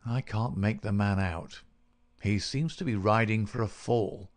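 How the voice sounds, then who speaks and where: A man's voice: on the low side, a little slow, close to an everyday voice. A man doing a confident, keen detective.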